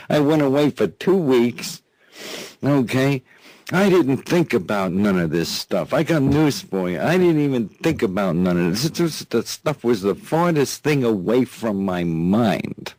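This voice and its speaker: A man's voice: mid-range voice, darkish tone, no echo. A man hosting a live talk radio show, delivering sarcastic news commentary with frequent mocking laughs and repeated phrases. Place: radio studio.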